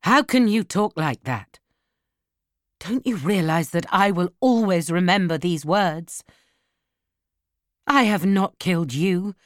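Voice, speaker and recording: A woman's voice: mid-range voice, no echo, clean studio sound. Woman voicing Heathcliff, brooding and bitter. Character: brooding, bitter young man, heartbroken lover. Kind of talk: audiobook character reading.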